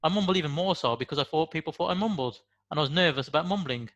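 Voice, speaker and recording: A man in his forties with a Brummie accent delivers an earnest motivational monologue. His voice sits a little higher than most men's, and he leans on emphatic rhetorical questions. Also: expressive, rapid-fire, a bit bright, lo-fi sound. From West Midlands, England. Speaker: motivational speaker.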